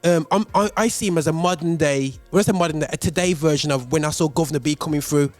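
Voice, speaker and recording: Man hosting, high-pitched, lively, dry close sound, faint music underneath. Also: fast, dry recording. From West Midlands, England. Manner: animated, chatty, lots of fillers. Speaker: radio host. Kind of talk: casual chat.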